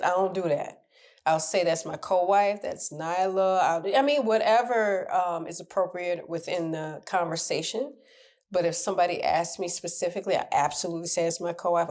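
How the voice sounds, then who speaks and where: A woman coaching on relationships, talking candidly and animatedly to camera in a casual advice chat. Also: lowish voice. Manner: candid, animated, laughs at her own stories.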